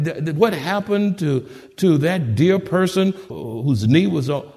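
A man's voice: a little high, expressive, unhurried, dark tone, in a large hall. A man preaching a fervent sermon as pastor and calling on the congregation for amens.

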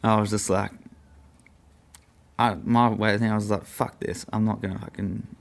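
A man's voice: lowish voice, little pitch movement, a little fast, vocal fry. A young man, a guest, telling a story in a profane, rambling way full of fillers. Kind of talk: casual storytelling.

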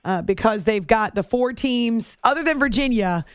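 A woman hosting sports radio in a casual, playful way, who sometimes breaks into high shouted impressions. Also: lively intonation, normal speed, no room sound. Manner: playful, tries high movie-villain shouts.

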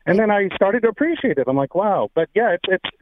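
A man's voice: high-pitched, sing-song, fast, background noise. Chatty man calling in on a phone line. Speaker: caller. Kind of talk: phone-in storytelling.

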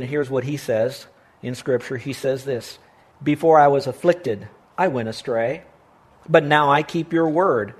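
A pastor delivers his sermon with emphatic force, asking his listeners questions and pausing for effect. His voice sits a touch higher than most men's. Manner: emphatic preaching with rhetorical questions and dramatic pauses.

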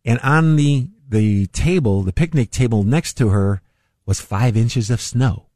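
A man's voice: medium pitch, measured pace, a little mellow, dry recording, studio quality. An older man from Northeast Ohio hosting a radio talk show, rambling casually and chuckling at his own jokes. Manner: rambling, chuckling, self-deprecating. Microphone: studio microphone.

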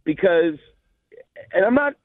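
A man's voice: high-pitched, expressive, unhurried, no echo. Middle-aged male comedian guest, chatty and rambling, heard over a tinny phone. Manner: rambling storyteller, many fillers. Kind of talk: casual radio phone chat.

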